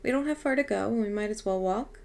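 Eccentric old otherworldly lady, voiced by a woman reader, gravelly, brisk, chatty, soothing, storybook. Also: mid-range voice, darkish tone, natural voice. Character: cheerful eccentric old female otherworldly being. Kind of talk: audiobook reading.

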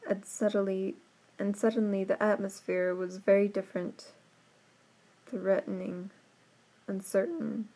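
A woman reading a fairy tale aloud in a soft, gently expressive narrating voice. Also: medium pitch. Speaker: storyteller. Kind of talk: storybook read-aloud narration.

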